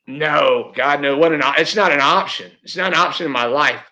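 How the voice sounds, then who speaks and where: A man's voice: a little high, a little fast, sharp tone. A middle-aged man telling a heartfelt personal story as an interview guest, earnest, with many restarts. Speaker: real estate agent, interview guest.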